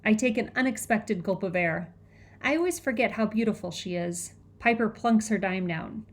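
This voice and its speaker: A woman's voice: mid-range voice, lively intonation, normal speed. Woman reading a tense story aloud. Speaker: audiobook reader. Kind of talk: first-person scripted narration.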